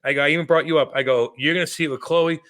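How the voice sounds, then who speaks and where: A man in his thirties co-hosting a podcast, telling stories in a profane, animated, casual way. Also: a little high, very fast. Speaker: podcast co-host. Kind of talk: casual chat.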